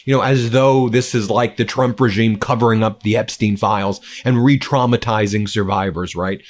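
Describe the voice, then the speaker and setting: A man's voice: fairly low pitch, fairly even intonation, moderate pace. A man doing heated political commentary, indignant and scornful, with many "uh"s.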